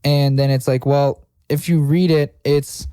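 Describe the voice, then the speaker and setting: Mellow-voiced man in rambling chat. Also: a little high, fairly even intonation, unhurried, clean tone, no echo, clean studio sound. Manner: rambling, explanatory, heavy use of "like". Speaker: podcast co-host. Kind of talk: casual chat.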